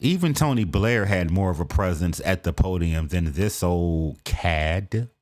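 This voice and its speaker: An American man giving casual reaction commentary on a political clip, with animated, mocking asides. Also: sits low, unhurried. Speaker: video reactor.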